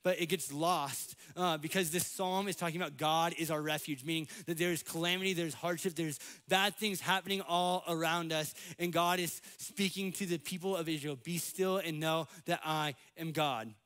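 An American man preaching a sermon in church, animated, acting out the voices he quotes. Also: on the high side, normal speed, few pauses. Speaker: pastor. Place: church sanctuary.

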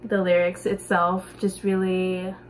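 A teenage girl reacting to a new song, gushing and excitable and breaking into squeals. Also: on the low side, measured pace, a little hiss or hum, poor audio. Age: late teens. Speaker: vlogger. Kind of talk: music reaction commentary. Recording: song playing clearly behind the voice. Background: pop music.

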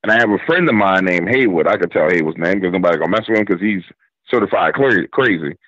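A man with a New Orleans accent and a voice on the low side, spinning a yarn as a radio guest. He acts out the back-and-forth of a conversation in laid-back, slangy speech. The sound is dry and dull, like lo-fi radio audio. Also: lively intonation, fast, a bit bright, no echo. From New Orleans, Louisiana. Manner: retells story with quoted back-and-forth dialogue, drawling casual slang. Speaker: guest storyteller. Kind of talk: casual storytelling interview.

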